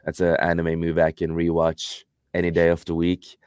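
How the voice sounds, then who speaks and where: A man's voice: sits low, completely flat delivery, brisk, a little mellow, smooth, no room sound, clean studio sound. A young man co-hosting a casual anime chat on a livestream, rambling with lots of fillers and casual swearing. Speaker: livestream co-host.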